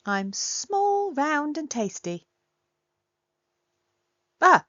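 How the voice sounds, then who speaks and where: A woman voicing a small, stubborn mouse in a storybook read-aloud, insisting and protesting in a high voice. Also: very animated, drawn-out words, a bit bright, no room sound, heavily acted. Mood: indignant. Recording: dry, slightly dull lo-fi recording.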